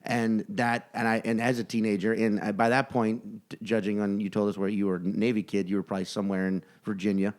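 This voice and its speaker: A man's voice: fairly low pitch, flat delivery, brisk, hardly any pauses, darkish tone. A man co-hosting a comedy podcast, joking and riffing loosely. He talks in casual banter and keeps the chat playful. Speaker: podcast co-host.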